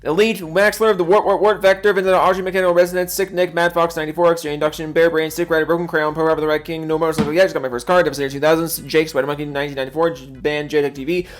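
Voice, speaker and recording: A young adult man with a slightly high voice reads through a long list of supporter names. His delivery is casual and fast, with a joking, exasperated edge and some swearing. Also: level tone, soft background music. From Seattle area. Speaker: YouTuber reading supporter names. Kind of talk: casual rapid-fire name reading.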